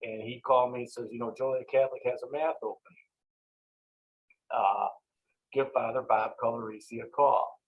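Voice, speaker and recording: A longtime football coach tells stories in an interview, animatedly acting out the exchanges he quotes. His mid-range voice moves at a normal speed and pauses often. The sound quality is lo-fi.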